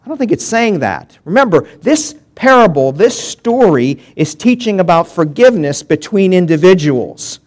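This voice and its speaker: A man preaching a sermon, reading scripture verses and explaining them to his congregation. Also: high-pitched. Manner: animated preaching with long pauses, reading scripture aloud. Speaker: pastor.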